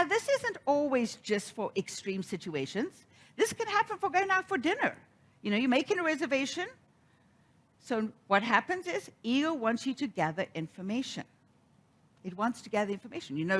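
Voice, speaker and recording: Middle-aged woman preacher, animated storyteller with a lively, swooping delivery. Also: high voice. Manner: storytelling, animated, acts out quoted voices. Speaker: minister. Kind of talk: sermon.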